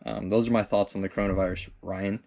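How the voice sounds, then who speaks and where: A man's voice: sits low, little pitch movement, fast talker, darkish tone. A young man hosting a comedic vlog, answering viewer questions in a rambling, laid-back way and tossing in "dude" and casual swearing.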